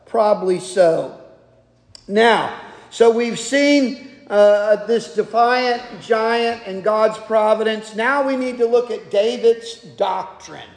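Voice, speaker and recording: Male preacher, very high voice, unhurried delivery, reverberant sanctuary. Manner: conversational, repeats words when restarting. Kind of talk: expository sermon. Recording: echoey hall, long reverb.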